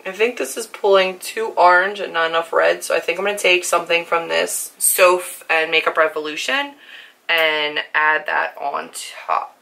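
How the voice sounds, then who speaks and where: A young book and beauty vlogger chats casually to camera about her makeup in a hoarse, worn-out voice that's lowish yet pushed and bright. She sounds nervous and fills her speech with "like."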